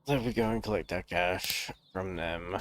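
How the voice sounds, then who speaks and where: A man's voice: sits low, normal speed, a bit bright, dry recording. A young Australian man streaming a game, chatting casually, joking, swearing freely and laughing often. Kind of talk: casual gameplay commentary.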